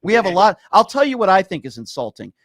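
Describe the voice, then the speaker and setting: A man's voice: sits high, big pitch swings, fast talker, no echo. A man hosting a call-in political talk show, combative and sarcastic, insulting his callers.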